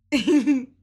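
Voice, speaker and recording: Giggly high-voiced woman streamer, drawling. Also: warm tone. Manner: giggly, laughs constantly, swears freely; greets chat by name. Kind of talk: casual livestream chat.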